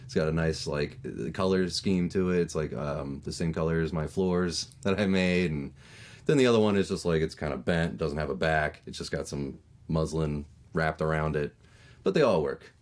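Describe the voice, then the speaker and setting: A man in his thirties from Maryland with a neutral American accent, chatting casually as a voice actor guest on a podcast, with lots of fillers and lively storytelling. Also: extremely low pitch, moderate pace. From Maryland, USA. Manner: chatty, lots of fillers, animated when telling stories.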